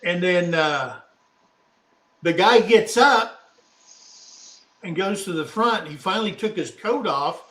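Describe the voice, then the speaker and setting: A man's voice: high-pitched, expressive, slow pace, pauses often, fairly bright tone. A middle-aged man co-hosting a casual live talk show, telling a rambling anecdote and acting out what people said. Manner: rambling anecdotal, acts out quotes. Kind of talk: casual storytelling chat. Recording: echoey room.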